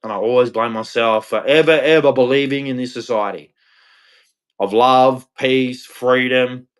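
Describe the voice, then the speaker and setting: A man's voice: medium pitch, unhurried, smooth. An Australian man delivering an angry, blunt, crude rant on a livestream, repeating himself as he goes. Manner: blunt, crude, heated, repetitive. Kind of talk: angry ranting monologue.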